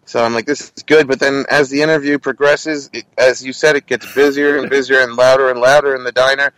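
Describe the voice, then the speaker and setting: A man who hosts a comedy interview podcast, telling stories in an animated, casual way with lots of restarts. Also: medium pitch, a little fast, no echo, poor audio. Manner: animated, many restarts and quoted voices.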